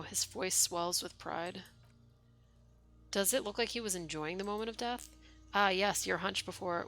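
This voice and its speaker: A woman streamer at home reads a game's lines aloud in a deadpan voice and breaks off for wry, swearing asides. Her voice is bright and forceful, pitched a little low. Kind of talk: reading game text aloud with casual commentary.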